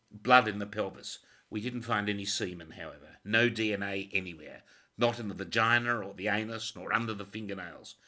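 A man's voice: lowish voice, bright, forceful tone. A man voicing a matter-of-fact forensic pathologist professor.

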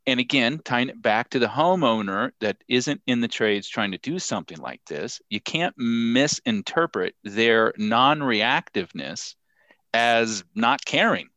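Animated man in casual talk, dry sound. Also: unhurried, dry recording. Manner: animated, acts out quoted reactions with sudden high-pitched outbursts, laughs often. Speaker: podcast co-host. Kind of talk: casual conversation.

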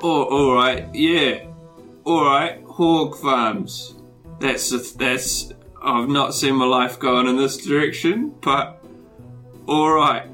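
A man's voice: mid-range voice, steady tone, slow, pushed and bright, soft background music. A man voicing a big, clumsy, overfriendly drunk who coos at everyone as if they were small children, in a tabletop role-play. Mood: grateful.

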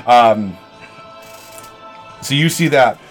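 A man running a tabletop game as game master, narrating scenes with frequent pauses and chuckles. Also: medium pitch, soft background music. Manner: relaxed, chuckling, frequent ums.

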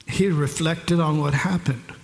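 Slow gravelly man preaching in an echoey hall. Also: on the high side, steady tone. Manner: preaching with rhetorical call-and-response questions. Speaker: pastor. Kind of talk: sermon. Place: large church hall. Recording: echoey hall with long reverb.

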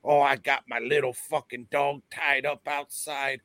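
A man putting on a drunken, foul-mouthed British bloke who is shouting and cruel, in a higher voice than his own. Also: level tone, a little slow, dry recording. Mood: raging. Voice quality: shouting, crude.

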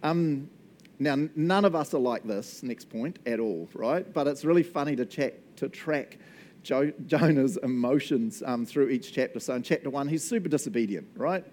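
A man's voice: medium pitch, moderate pace, a little mellow, a little hiss or hum. A man with a New Zealand accent preaching a sermon in a jokey manner, laughing often. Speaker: pastor.

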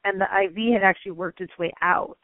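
A woman's voice: mid-range voice, fast talker, dry recording. A woman guest in a casual interview, telling a personal story animatedly, full of "like" fillers and laughs. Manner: animated, frequent "like" fillers, laughs mid-sentence. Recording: tinny phone-like line, dry.

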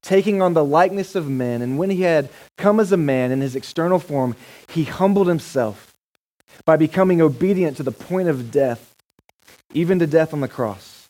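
Upbeat casual pastor preaching, slightly high. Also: male voice, moderate pace, darkish tone, poor audio. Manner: casual, enthusiastic, joking. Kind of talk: sermon.

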